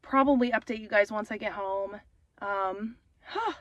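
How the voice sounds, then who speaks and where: A woman's voice: mid-range voice, expressive, slow, long pauses, fairly bright tone, no room sound, dull audio. A young adult woman talking casually in her parked car, rambling with fillers and getting emotional. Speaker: author and vlogger. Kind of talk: casual vlog talk.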